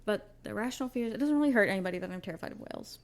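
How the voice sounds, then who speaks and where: A woman's voice: medium pitch, expressive, rapid-fire. Breezy, emphatic woman podcaster. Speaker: podcast co-host. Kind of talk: casual chat.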